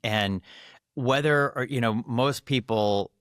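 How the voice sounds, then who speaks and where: A man's voice: mid-range voice, slow, dry recording, studio quality. A man being interviewed on a podcast, explaining his ideas earnestly and laughing easily. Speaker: podcast guest, runs a doctors' network. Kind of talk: conversational interview.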